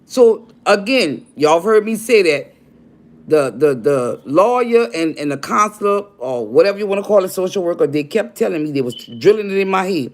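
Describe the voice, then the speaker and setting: A woman's voice: fairly low pitch, animated, normal speed. An older woman hosting a livestream, telling a personal story bluntly and with heavy profanity while speaking straight to her viewers. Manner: blunt, profane, addresses viewers directly as y'all. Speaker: livestream host. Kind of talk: confessional storytelling to a live audience.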